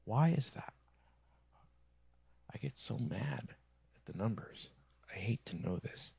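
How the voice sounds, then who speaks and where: A man's voice: lowish voice, lively intonation, unhurried, creaky, husky, no echo. A man streaming a rambling, bitter monologue to his viewers, complaining and often dropping into a whisper.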